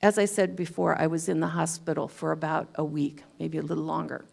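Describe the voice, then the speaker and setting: A woman's voice: low voice, flat delivery, a little fast, gravelly, darkish tone. A woman giving a talk at a spiritual center, telling a personal story in a chatty way with self-deprecating humor. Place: church hall.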